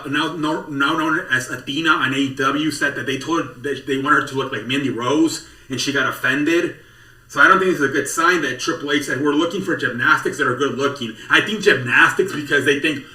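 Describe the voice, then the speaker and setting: A man's voice: fairly high pitch, bright, forceful tone, reverberant, recorded from a distance. A man hosting a podcast, chatting casually and rambling through wrestling news with lots of swearing and disbelief. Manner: profane, rambling, incredulous. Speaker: podcast host.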